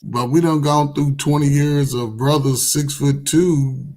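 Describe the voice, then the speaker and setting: Man, advice-giving, casual chat, a little high. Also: steady tone, a little slow, darkish tone, soft background music. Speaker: podcast co-host.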